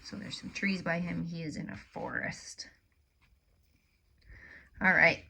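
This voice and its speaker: A woman teacher giving a gentle lesson to children, dropping into soft whispers while she draws. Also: fairly low pitch, fairly even intonation, takes it slowly, gravelly, husky, poor audio.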